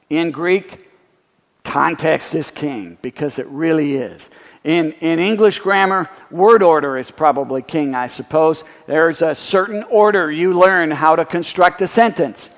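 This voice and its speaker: A male pastor preaches in a teaching sermon, walking through Greek words with a slightly raised pitch. He keeps dropping dry, wry asides as he explains. His voice rings out with the long reverb of a church sanctuary.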